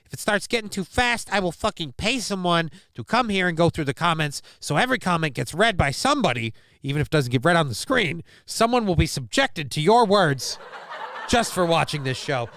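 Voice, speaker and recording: A man's voice: on the high side, big pitch swings, a little fast, fairly bright tone, dry recording, clean studio sound. A man hosting a live stream, reading news and chat comments aloud with crude jokes. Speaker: show host.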